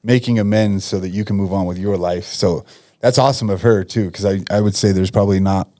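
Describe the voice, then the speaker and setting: A man's voice: fairly low pitch, fairly even intonation, fairly quick, mellow. A man co-hosting a podcast, casual and easygoing, chiming in with reactions. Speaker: podcast co-host. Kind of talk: casual chat. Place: podcast studio.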